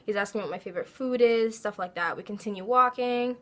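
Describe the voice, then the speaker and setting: A young woman telling a casual storytime, animated and laughing as she acts out her own quotes. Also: fairly high pitch, fast. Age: young adult. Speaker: vlogger.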